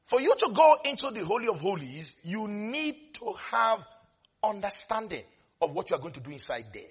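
A man preaching a sermon, animated, breaking into shouts and laughs between hushed asides. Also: high-pitched, normal speed, slightly rough.

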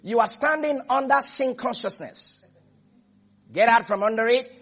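Male pastor, high husky voice, fervent sermon delivery with repeated refrains. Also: unhurried, fairly bright tone. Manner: preaching with rising fervor and repetition, calls to congregation.

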